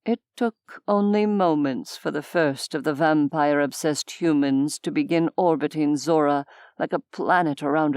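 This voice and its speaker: A woman narrating an audiobook in a measured, even storytelling manner. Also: low-pitched, clear, resonant tone, dry recording, clean studio sound. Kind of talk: scripted narration.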